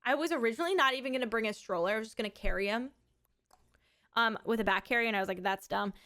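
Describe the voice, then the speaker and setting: Chatty, swearing woman streamer, slightly high. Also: fast talker, fairly bright tone. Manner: rambling, chatty, swears freely. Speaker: live streamer. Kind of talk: casual chat.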